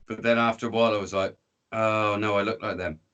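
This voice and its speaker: A man's voice: fairly low pitch, fairly even intonation, fast talker, fairly bright tone, clear, resonant tone, highs cut off. An English man telling a rambling, sweary story in casual podcast chat, breaking into voices for the people in it. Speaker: podcast guest.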